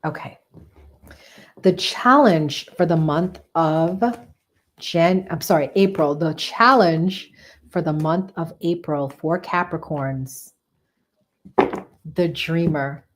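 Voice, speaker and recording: A woman's voice: deep voice, slow pace, long pauses. A woman hosting a live-stream tarot reading, chatty and enthusiastic, repeating phrases for emphasis and talking straight to her viewers.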